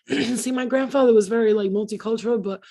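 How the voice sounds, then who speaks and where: A woman's voice: fairly high pitch, brisk, gravelly. A middle-aged woman hosting a livestream, telling profane, laughing stories in casual chat. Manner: profane, laughing, animated storyteller. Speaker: livestream host.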